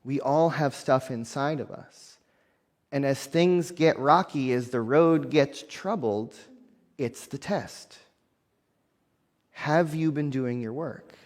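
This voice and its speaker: A man's voice: mid-range voice, takes it slowly, in a large hall. A man preaching a sermon as a minister, earnest and building emphasis through repeated phrases.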